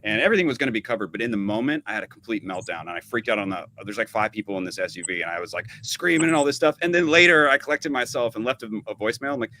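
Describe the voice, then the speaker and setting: A musician guest in a casual podcast chat, telling stories in a halting way with many restarts. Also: male voice, fairly low pitch, lively intonation, sharp tone, slight background noise.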